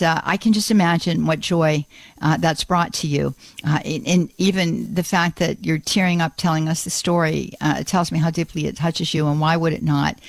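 A woman hosting a Catholic call-in radio show, warmly effusive and fond of repeating words like "beautiful". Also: on the low side, no echo.

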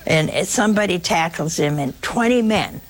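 A woman's voice: lowish voice, expressive, moderate pace, poor audio. A woman preaching a sermon in a folksy, humorous way, acting out the scripture stories as she goes.

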